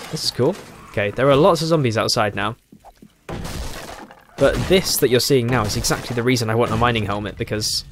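A man giving casual let's play commentary, thinking aloud and chuckling, with a hoarse voice and a frog in his throat. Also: medium pitch, slight background noise. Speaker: game streamer.

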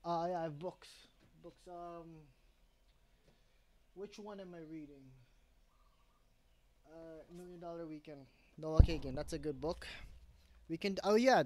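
A man's voice: fairly high pitch, dark tone, no room sound. A young man vlogging at his home desk setup, rambling casually with frequent restarts and self-corrections.

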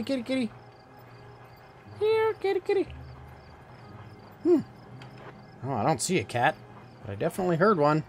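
A man's voice: a little high, a bit bright. A man hosting a let's play, chatting playfully and reading the game text aloud. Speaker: gaming video host.

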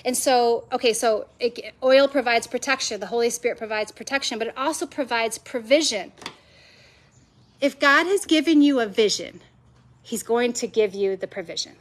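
At an event venue with a live audience, a women's ministry speaker preaches a passionate, emphatic sermon, stacking repeated phrases. She has a fairly high voice and a moderate pace.

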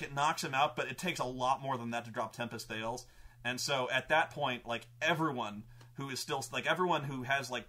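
With a medium-pitched voice, this host and game master recounts a tabletop campaign in an excitable, foul-mouthed style, frequently starting his sentences over.

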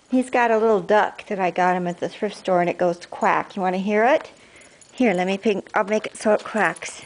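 A woman's voice: medium pitch, steady tone, moderate pace, poor audio. An older woman, a grandmother, chatting on the phone in a casual home video while coaxing her dog in a sing-song voice. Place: indoors at home, house rooms.

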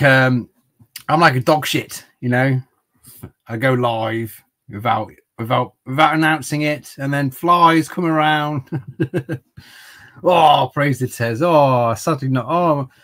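A man's voice: mid-range voice, fairly bright tone. A man hosting a casual livestream, rambling and chatting with viewers by name while a little tipsy from wine. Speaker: livestream host.

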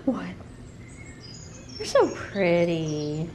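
A woman vlogger in a cat café, cooing at the cats in soft pet talk that often drops to a whisper. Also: lowish voice, a little hiss or hum. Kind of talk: casual talk to pets.

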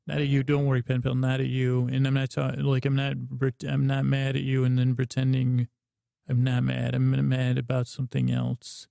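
Rambling, gravelly man telling a sleep story. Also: completely flat delivery, moderate pace, dark tone, no echo, clean studio sound. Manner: meandering, stammering, low-key. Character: downcast male spaceship pilot writing to a pen pal. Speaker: podcast host and storyteller.

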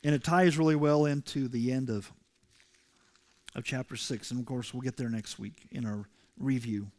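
A male pastor preaching a sermon to his congregation, emphatic and rising loud when he reads scripture. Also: medium pitch, steady tone, moderate pace. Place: church sanctuary.

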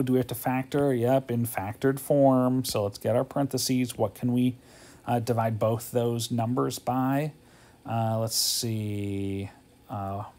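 A man with a medium-pitched, dark voice and vocal fry walks through math homework, thinking aloud casually. He sounds tired, yawns, and keeps checking in with "okay?".

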